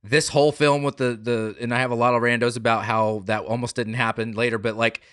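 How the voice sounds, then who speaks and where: A man's voice: medium pitch, level tone, fairly quick, fairly bright tone, clean tone, no room sound, studio quality. A man co-hosting a casual comedy podcast, joking around and teasing the listeners in a mock-insulting way. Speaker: podcast co-host.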